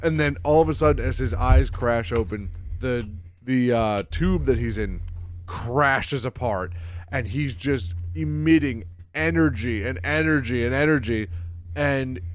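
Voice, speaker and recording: A young man co-hosting a casual chat, excitable and swearing, acting out characters' lines as he recaps. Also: mid-range voice, measured pace. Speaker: podcast co-host.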